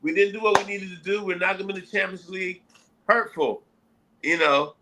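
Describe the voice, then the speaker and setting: A man's voice: high-pitched, a little fast, noisy background. An American man co-hosting a casual sports podcast, talking animatedly and acting out quotes in put-on voices. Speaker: podcast co-host.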